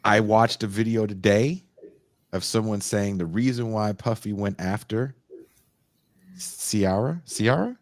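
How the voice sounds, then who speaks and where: A man's voice: on the low side, unhurried, dry recording. A man hosting a podcast in casual chat, laid-back and laughing easily. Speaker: podcast host.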